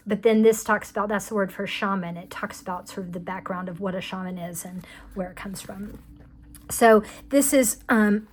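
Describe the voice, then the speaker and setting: A woman casually showing tarot decks, chatty and rambling with many ums and restarts, often dropping to a soft murmur. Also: mid-range voice. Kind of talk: casual show-and-tell.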